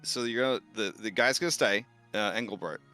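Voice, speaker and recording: A man narrating as game master of a tabletop role-playing game, animated and often laughing. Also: on the low side, a little fast, faint music behind.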